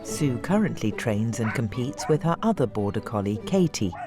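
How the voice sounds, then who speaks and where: Female documentary narrator, remarkably deep voice, even read over strong music. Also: normal speed.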